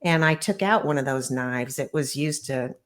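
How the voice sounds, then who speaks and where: A middle-aged woman with a low voice tells her own story as an interview guest. She speaks in an earnest, measured way, pausing to recall painful memories. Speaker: guest author.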